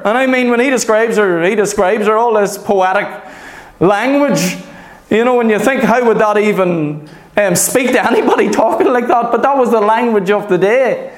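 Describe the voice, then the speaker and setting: A man preaching with a very high voice, earnest and repetitive, pressing each point home. The sound is roomy and echoey. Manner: earnest, repetitive, emphatic with frequent "Amen" and "Okay?". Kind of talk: sermon. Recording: echoey room.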